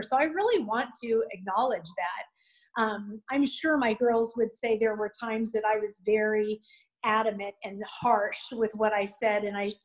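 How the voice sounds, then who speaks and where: Middle-aged woman, mom on a faith panel, earnest and encouraging, slightly higher voice. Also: poor audio. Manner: earnest, encouraging, quick with asides. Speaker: youth ministry guest mom. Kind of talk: faith-based panel talk.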